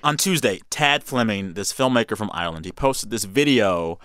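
A man's voice: fairly low pitch, moderate pace, smooth, dry recording, studio quality. A man hosting a casual news podcast, reading quotes aloud and joking with his co-hosts. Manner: animated, playful, reads quotes aloud. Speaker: podcast host.

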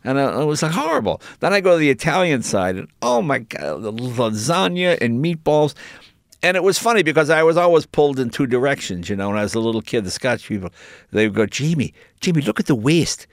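A man's voice: mid-range voice, fast, vocal fry, dry recording. Older guy spinning funny stories, voice jumping around, dry close mic. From United States. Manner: animated anecdotes, laughing, jumping into voices. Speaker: guest. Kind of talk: casual storytelling in an interview.

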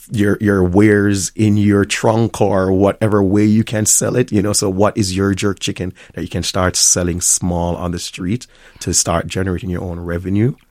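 A middle-aged man with a Jamaican accent, a restaurant owner speaking as an interview guest, animated, with frequent laughs. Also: low-pitched, no room sound, studio quality. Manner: animated storyteller, laughs often, many restarts. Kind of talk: conversational interview.

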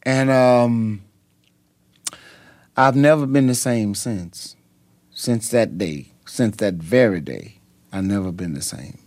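An older man, a pastor, telling his story in an interview with fervent, preacher-like feeling and many halting fillers. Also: lowish voice, a little mellow, dry recording.

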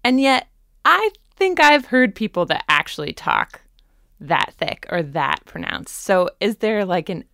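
A woman from Oregon hosting an interview, asking curious questions in a relaxed way. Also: medium pitch, unhurried, creaky, dry recording, clean studio sound. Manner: curious, asks questions with light laughs. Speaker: podcast host. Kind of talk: conversational interview.

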